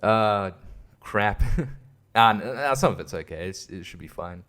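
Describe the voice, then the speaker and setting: A man's voice: fairly low pitch, animated, unhurried, a bit bright. A young man hosting a casual monologue, rambling and swearing, often laughing at himself. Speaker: host.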